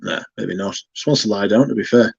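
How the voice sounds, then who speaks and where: Relaxed man chatting on a livestream. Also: fairly low pitch, fairly quick, creaky, breathy edge, no room sound, lo-fi sound. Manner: relaxed, chatty, yawning now and then. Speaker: fragrance livestream host. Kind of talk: casual livestream chat, reading comments aloud.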